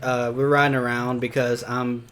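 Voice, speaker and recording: A man's voice: medium pitch, little pitch movement, moderate pace, a bit bright, slight background noise. A man co-hosting a gameplay chat, telling a story hesitantly with many ums and restarts.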